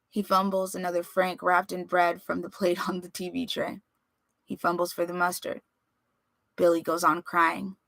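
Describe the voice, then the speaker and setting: A woman reading a story aloud with expressive, dramatic narration. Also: lowish voice, creaky, no room sound. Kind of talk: audiobook-style story reading.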